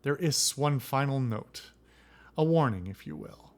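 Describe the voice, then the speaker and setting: A man reading game dialogue aloud as a solemn male elder who gives measured warnings. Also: medium pitch, expressive.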